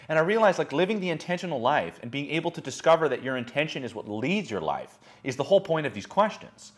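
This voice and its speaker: A fairly high-voiced young man coaching a small group on dating. He talks frankly and animatedly, full of casual "like"s, and slips into other people's voices as he tells his stories. Blunt, lively, unscripted. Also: quick pace, hardly any pauses. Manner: frank, animated storytelling, acting out quotes, many "like"s. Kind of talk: candid lecture to a small group.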